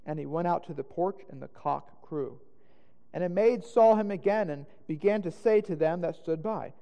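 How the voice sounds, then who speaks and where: A man's voice: high voice, normal speed, lo-fi sound. A man giving a dramatic reading of scripture, lifting his voice for the quoted lines. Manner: dramatic, rising to loud exclaims on quoted lines. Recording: long hall reverb.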